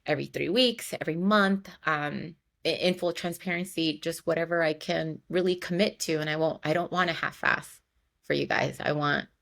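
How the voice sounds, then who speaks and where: This podcast host is a young adult woman whose voice sits low, creaky and a bit bright, at a normal speed. Through her heartfelt, tearful solo talk she keeps restarting and repeating words.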